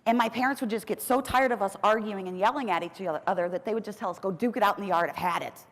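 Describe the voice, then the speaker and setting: A middle-aged American woman giving a keynote speech, telling her story with a lively, humorous manner. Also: mid-range voice, fast talker. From United States. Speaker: keynote speaker. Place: large conference hall. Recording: long reverb of a large hall.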